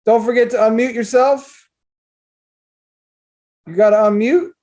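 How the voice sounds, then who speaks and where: Slow-talking upbeat woman host. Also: a little high, steady tone, mellow. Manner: upbeat, encouraging, guides the show along. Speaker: host of an online comedy competition. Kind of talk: casual event hosting. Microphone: video call.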